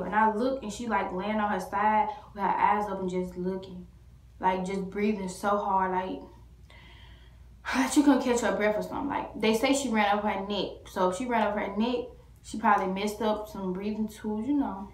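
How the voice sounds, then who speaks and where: A woman vlogger telling a story casually to camera, rambling with many fillers and restarts. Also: mid-range voice. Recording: echoey room.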